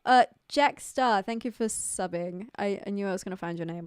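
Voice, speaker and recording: A young woman rambles through a casual livestream chat, giggling and leaning hard on fillers. Her voice is smooth and clear, and the sound is close and dry. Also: medium pitch, expressive, moderate pace, a little mellow, dry recording. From New Zealand. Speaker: streamer.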